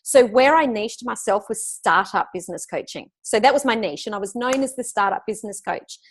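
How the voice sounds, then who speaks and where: A woman's voice: medium pitch, a little fast. A middle-aged woman, a business coach answering interview questions in an upbeat, emphatic way over a video call. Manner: upbeat, emphatic, laughs easily.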